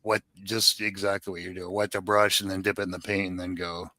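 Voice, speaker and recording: A man's voice: deep voice, flat delivery, fairly quick, bright, forceful tone, dry recording. A man in a casual chat, easygoing, explaining his painting method step by step.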